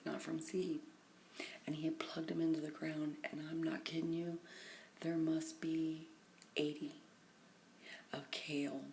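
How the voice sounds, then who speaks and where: A middle-aged woman with a low, gravelly voice recounts her day in a loose, rambling way, worn out and often sinking to a near whisper. It is recorded on a phone, with faint noise behind her. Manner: often drops to a hushed half-whisper. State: tired. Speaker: vlogger. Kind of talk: casual rambling storytelling. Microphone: phone camera.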